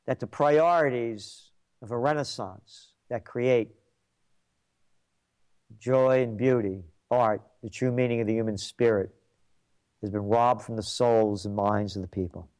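A man's voice: medium pitch, a little mellow. An older man hosting a trends commentary show, delivering an opinionated monologue with emphatic, repetitive declarations.

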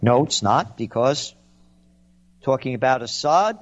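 A man's voice: mid-range voice, animated, unhurried, highs cut off. A man delivering a sarcastic, indignant political monologue, mocking and scornful as he rants. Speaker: commentator.

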